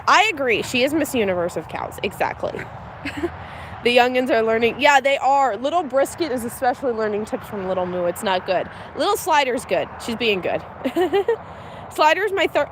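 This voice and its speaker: A young woman chatting casually on a farm livestream, laughing often and talking to her animals outdoors. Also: mid-range voice. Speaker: homestead livestreamer. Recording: faint outdoor noise.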